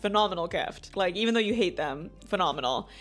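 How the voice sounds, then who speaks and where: A woman's voice: on the low side, expressive, a little fast, soft background music. A woman in her thirties hosting a casual book club review, chatty and gushing, full of filler words. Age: 30s.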